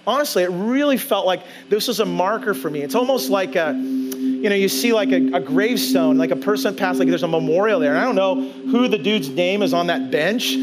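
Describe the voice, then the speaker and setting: A man's voice: sits high, a little fast, over a noisy crowd. A male pastor preaching a conversational sermon in a church, telling a story and acting out his own side of the dialogue. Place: church sanctuary.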